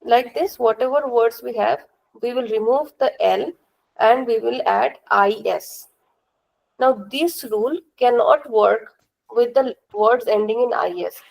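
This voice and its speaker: Young female teacher, Indian accent, slightly high voice with gravelly fry, patient and repetitive classroom explaining. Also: unhurried, darkish tone, low-quality recording. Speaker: language teacher.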